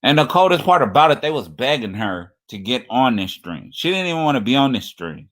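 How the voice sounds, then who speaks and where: A man's voice: medium pitch, big pitch swings, fairly quick, fairly bright tone. A man giving sarcastic, taunting reaction commentary on a livestream clip. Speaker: stream commentator.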